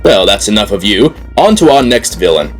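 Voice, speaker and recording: A man's voice: on the low side, very animated, normal speed, music in the background. A man hosting a scripted fan talk show with an upbeat announcer manner.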